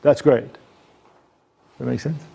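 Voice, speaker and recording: Mellow-voiced man coaching actors. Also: mid-range voice, steady tone, slow pace, vocal fry, breathy edge. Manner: conversational, checks in with listeners. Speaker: acting coach. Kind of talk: workshop talk. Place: presentation room.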